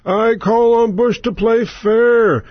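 A man putting on the voice of a whiny politician who begs and pleads in a slow, high, drawn-out tone. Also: steady tone, no echo, dull audio, heavily acted. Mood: pleading. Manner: whining, begging, drawn out. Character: whiny pleading middle-aged male politician.

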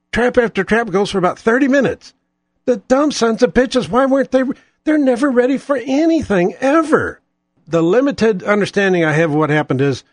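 A man's voice: high voice, no echo. A man hosting a political talk show, ranting with profane, sarcastic exasperation.

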